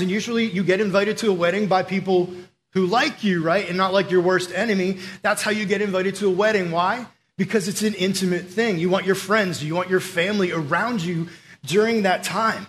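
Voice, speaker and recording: A young adult man giving a casual, energetic sermon, telling stories and acting out the voices he quotes. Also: high voice.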